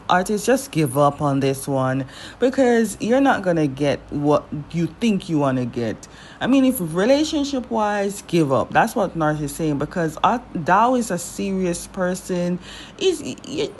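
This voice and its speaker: A woman giving casual reaction commentary on a drama trailer, chatty and sassy, talking straight to the characters, with big jumps in pitch for emphasis. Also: a little hiss or hum. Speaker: drama trailer recap vlogger.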